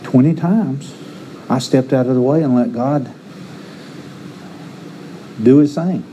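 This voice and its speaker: Earnest, dark-voiced preacher man. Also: medium pitch, slow pace, a little hiss or hum, low-quality recording. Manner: earnest, repeats words and restarts phrases. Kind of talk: sermon with personal stories.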